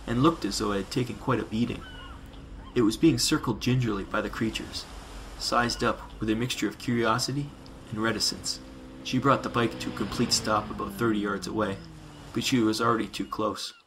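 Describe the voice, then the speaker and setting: A man narrating science fiction in a measured, dramatic reading. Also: fairly low pitch, fairly even intonation, fairly bright tone, a little hiss or hum, rough recording.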